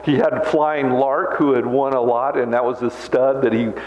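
A man in his sixties preaching a sermon as pastor, animated and self-mocking, with quick jokes. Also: mid-range voice, background noise. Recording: echoey hall, dull lo-fi sound.

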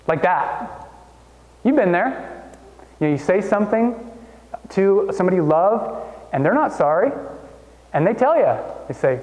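A man in his thirties preaching a sermon in a church, conversational and animated, jumping up in pitch to make a point. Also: moderate pace, long pauses. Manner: conversational, animated storytelling with sudden pitch jumps. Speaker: pastor. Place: church hall. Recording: long hall reverb.

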